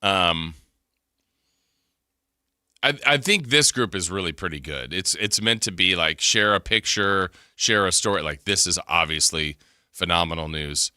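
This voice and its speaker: A man co-hosting a sports radio show, telling stories in an animated, casual way. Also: deep voice, measured pace, dry recording, studio quality. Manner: animated storyteller, gasps and laughs while telling. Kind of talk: casual chat. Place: radio studio.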